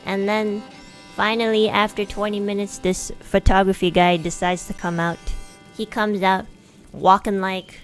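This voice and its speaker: A young woman streamer telling a long everyday story in casual chat, animated and chatty, acting out what people said. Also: medium pitch, a little slow, faint music behind. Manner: chatty, animated, acts out quoted lines in a raised voice.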